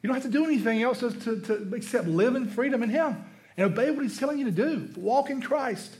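A man's voice: very high voice, animated, a little fast, a little mellow. A man preaching a sermon as pastor, emphatic and conversational, asking the congregation rhetorical questions. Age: adult, father of a young son.

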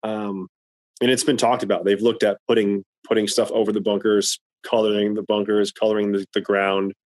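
A man with a lowish voice talks casually, rambling and circling back over his words. The sound is dry and close. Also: little pitch movement, a little fast, darkish tone, no echo, rough recording. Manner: rambling, repeats words while thinking. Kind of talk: casual chat.

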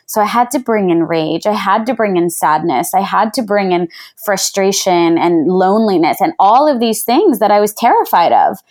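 A woman's voice: mid-range voice, lively intonation, normal speed, a little mellow. A woman in her thirties, a parenting coach, talking earnestly and from the heart in a reflective podcast conversation, full of "you know" and "like.".

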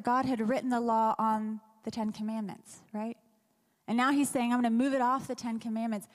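A woman's voice: on the high side, long reverb tail. A woman pastor giving a conversational sermon, asking the congregation rhetorical questions.

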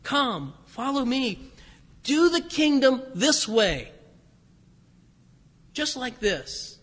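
A male priest giving a homily in a relaxed, conversational storytelling way, often restarting his sentences. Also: sits high, breathy edge, long reverb tail.

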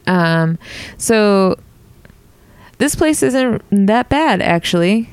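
A woman's voice: mid-range voice, lively intonation, very slow, smooth, dry recording. A woman co-hosting a casual podcast, reading a news article aloud and stumbling and restarting over words. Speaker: podcast co-host.

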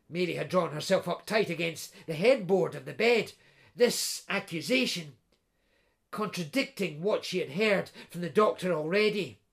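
Creaky-voiced male audiobook narrator. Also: sits high, normal speed, fairly bright tone. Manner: vivid storytelling, building tension in action scenes.

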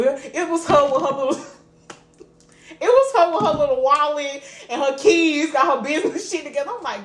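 A young woman podcast co-host, telling an animated, profane story in casual chat and laughing often. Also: high voice, normal speed. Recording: echoey room with faint ambient noise.

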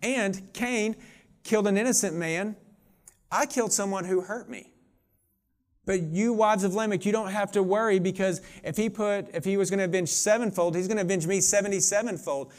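A man's voice: high-pitched, moderate pace. A middle-aged man preaching a sermon in an earnest, conversational way, pressing his points with emphasis. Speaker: pastor.

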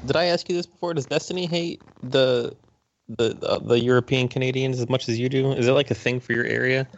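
A man's voice: mid-range voice, fairly even intonation, fairly quick. A man co-hosting a podcast in casual chat, reacting with short asides and laughs. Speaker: podcast co-host. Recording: dull lo-fi sound.

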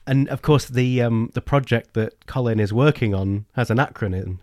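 A man's voice: medium pitch, moderate pace, a little mellow, no room sound, studio quality. Man chatting about a book. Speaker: podcast co-host. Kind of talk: casual book discussion.

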